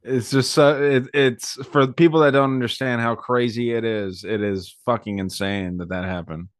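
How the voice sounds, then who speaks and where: A young man chats excitedly on a podcast, swearing freely as he talks. His voice sits at a middling pitch. The mic is close and dry. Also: normal speed, dry recording. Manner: excited, swearing, quoting in raised voice. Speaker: podcast co-host. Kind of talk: casual podcast chat.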